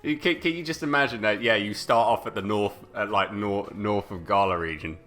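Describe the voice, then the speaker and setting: A man hosting a casual gaming podcast, jokey and animated, often laughing. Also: fairly low pitch, brisk. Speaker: podcast host. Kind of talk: casual chat.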